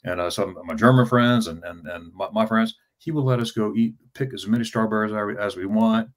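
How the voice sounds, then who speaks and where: A man in his fifties with a somewhat low voice tells a rambling personal story. He stumbles over his words, doubles them up and fills gaps with "uh" as he goes. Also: fairly quick. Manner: stammering, repeats words, many fillers. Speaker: travel vlogger telling his story as an interview guest. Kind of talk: casual storytelling in an interview.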